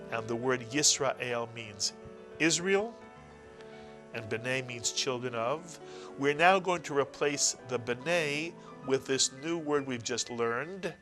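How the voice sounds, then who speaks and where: A man teaching a recorded language lesson, pronouncing each word slowly and clearly. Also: mid-range voice, sharp tone. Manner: slow, careful enunciation of each word. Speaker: Hebrew teacher.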